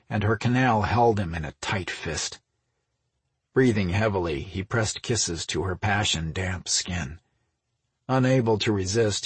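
Deep, very husky male narrator. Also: no room sound. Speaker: audiobook narrator. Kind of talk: scripted narration.

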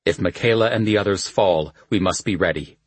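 A man's voice: sits low, brisk, breathy edge, dry recording. A man voicing a noble lord facing death, speaking soberly and steadily in an audiobook. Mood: grave. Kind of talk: audiobook character voice.

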